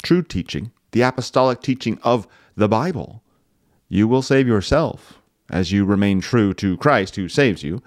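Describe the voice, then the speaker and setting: A man preaching a radio sermon as the show's host, pressing hard on repeated phrases, pausing for effect and now and then chuckling. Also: fairly low pitch, expressive, no room sound, clean studio sound. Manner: emphatic preaching with dramatic pauses and occasional chuckles; rising emphasis on repeated phrases.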